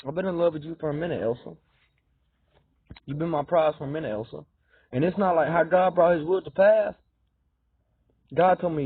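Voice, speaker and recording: A man rambling through a fervent, repetitive monologue, swinging between loud insistence and low muttering. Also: fairly quick, long pauses, husky. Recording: tinny phone-like dry recording.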